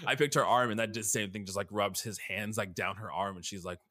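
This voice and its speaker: A low-pitched man with a bright, forward edge to his voice, casually retelling a video game's scenes. He leans on fillers like "like" and acts out the characters' lines as he goes. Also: fairly even intonation, fast talker. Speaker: podcast co-host. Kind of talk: casual chat recounting a video game.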